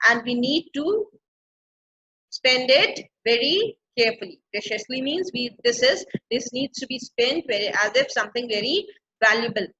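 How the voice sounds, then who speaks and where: An English literature teacher, a woman whose voice sits high and sounds pushed and bright, teaches a play by reading each line of the old verse and then paraphrasing it in plain words. The recording is dull and lo-fi.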